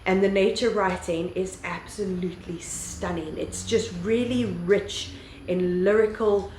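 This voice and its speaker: A woman's voice: mid-range voice, steady tone, a little slow, darkish tone, echoey room, a little hiss or hum, poor audio. A woman chatting casually as she reviews books on her vlog, rambling with lots of fillers and the odd swear word. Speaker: book vlogger. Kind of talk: casual book review chat.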